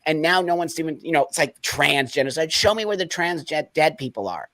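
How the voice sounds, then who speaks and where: A man's voice: fairly high pitch, expressive, fairly quick, fairly bright tone, dry recording. A man speaking as an interview guest, blunt and passionate, sometimes close to tears. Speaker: guest activist. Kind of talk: emotional interview talk.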